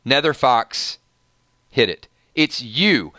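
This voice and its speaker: A man's voice: medium pitch, lively intonation, takes it slowly, pushed and bright, no room sound. A man with a Southern US accent hosting a livestream, talking straight to his viewers and working himself up into an emphatic rant. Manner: emphatic, gets fired up and rants to viewers. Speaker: YouTube channel host. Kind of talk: livestream commentary and ranting.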